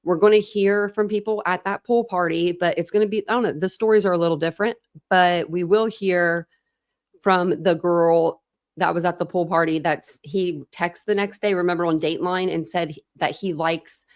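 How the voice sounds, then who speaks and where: A woman's voice: lowish voice, steady tone, normal speed. A woman in her thirties hosting a true crime livestream, chatting casually, laughing and greeting viewers by name.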